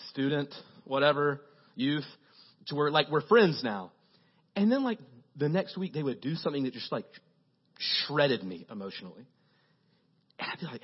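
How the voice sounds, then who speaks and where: A man preaching a casual, joking sermon as a youth pastor, telling animated stories to his congregation. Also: on the high side, husky, dull audio.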